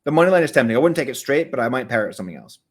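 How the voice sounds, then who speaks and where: A podcast co-host races through a casual chat about soccer betting in a mid-range voice with lively intonation. He rambles, corrects himself mid-sentence and laughs often.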